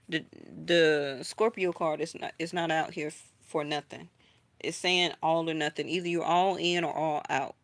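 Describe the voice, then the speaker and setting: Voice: mid-range voice, dry recording. A tarot reader giving a casual, blunt reading to viewers, with frequent "um"s and restarts and a habit of checking in with "okay?".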